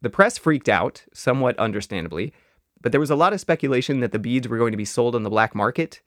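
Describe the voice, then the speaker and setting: A man co-hosts a casual comedy podcast, walking through a story with a wry, dry delivery. His pitch sits mid-range for a man. The recording is close and dead, with no room sound. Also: animated, fast talker, no echo. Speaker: podcast co-host.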